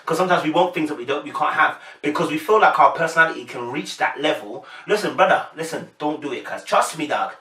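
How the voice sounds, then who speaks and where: Young London man, chatty slangy commentator, bright-toned, slightly raised pitch, room echo, off-mic. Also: lively intonation, quick pace, hardly any pauses, distant mic. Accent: London English. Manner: chatty, slangy, addresses viewers directly. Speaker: reaction commentator. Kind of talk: casual to-camera commentary. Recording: echoey room, voice a bit off-mic.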